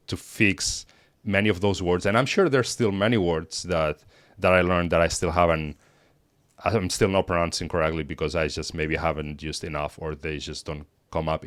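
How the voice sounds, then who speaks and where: Spanish-born man, native Spanish, low resonant voice, dry sound, thoughtful interview guest. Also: steady tone, normal speed, a bit bright, no echo. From Spain. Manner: thoughtful, restarts and repeats words while thinking. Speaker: guest, language teacher. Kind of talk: conversational interview.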